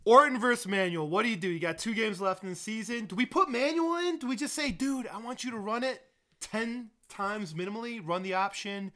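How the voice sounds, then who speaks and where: High, bright male sports co-host. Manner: joking, teasing, quick exclamations. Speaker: co-host of a sports talk show. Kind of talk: casual sports banter.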